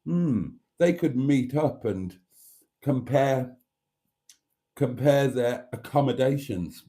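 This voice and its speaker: Man, British accent, camp theatrical live stream host, teasing banter, stuffy nose, mellow tone. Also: mid-range voice, lively intonation, slow pace. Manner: camp, theatrical, teasing, calls viewers darlings. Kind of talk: casual live stream chat.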